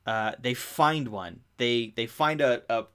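Animated rambling man co-hosting a podcast. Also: mid-range voice, slow, smooth. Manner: animated, rambling movie recap with laughs. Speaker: podcast co-host. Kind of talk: casual chat. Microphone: remote call.

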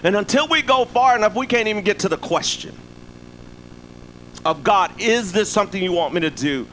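A man's voice: high-pitched, animated, moderate pace, a bit bright, slight background noise, low-quality recording. A man preaching a sermon in a loose, conversational way, often checking in with "right?". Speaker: pastor.

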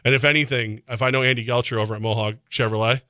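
An excitable sports radio host, a man who rambles and laughs his way through casual banter. His voice is bright and forceful, recorded dry and close in a studio. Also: mid-range voice, rapid-fire, dry recording. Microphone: studio microphone.

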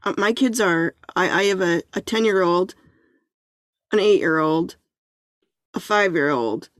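A woman's voice: fairly low pitch, a little slow, no room sound, studio quality. A woman in her thirties, a podcast guest, talking in a chatty, self-deprecating way with many restarts. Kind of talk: casual chat.

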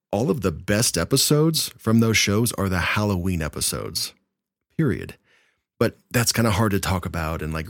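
Male story narrator, thirties, low voice, easygoing delivery. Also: no echo, clean studio sound. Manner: relaxed and chatty when speaking to listeners. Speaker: narrator of scary stories. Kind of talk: reading submitted stories aloud.

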